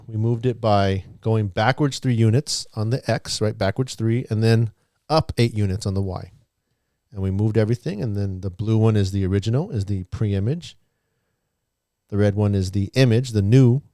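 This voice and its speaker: A man's voice: lowish voice, dark tone, no echo, clean studio sound. A man teaching a math class online, chatty and walking students through each step aloud.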